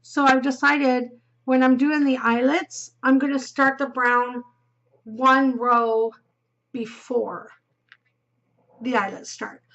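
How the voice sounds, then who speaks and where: A woman's voice: high-pitched, fairly even intonation, slow pace, fairly bright tone. A woman hosting a knitting podcast, chatting casually and rambling as she knits, giggling and dropping into murmurs, yawning now and then. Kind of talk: casual chat while knitting. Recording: dull lo-fi recording.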